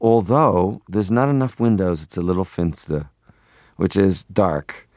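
A man's voice: deep voice, lively intonation, measured pace, darkish tone, no room sound, studio quality. A man in his forties from Canada, a radio interview guest who talks in a playful, rambling way and keeps slipping into voices. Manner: playful, rambling, drops into voices and foreign phrases.

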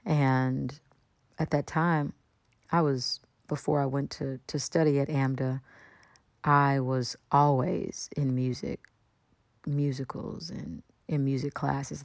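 A woman with a strikingly low, warm voice tells a personal story as a radio interview guest. She talks in an animated way, slipping into the voices of the people she quotes. The studio sound is close and dry. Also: gravelly, dry recording.

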